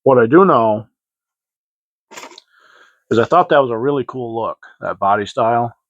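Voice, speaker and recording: A hobby model-kit channel host runs a casual show-and-tell vlog, rambling and hesitant, full of fillers and restarts. His mid-range voice is expressive at a moderate pace, with no echo in the dry, slightly dull lo-fi recording.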